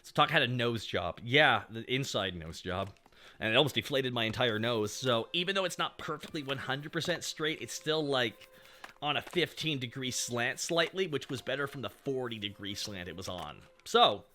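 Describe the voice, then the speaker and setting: A man's voice: medium pitch, animated, normal speed, pushed and bright. A man chatting casually and joking with profanity while he streams a game. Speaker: VTuber streamer.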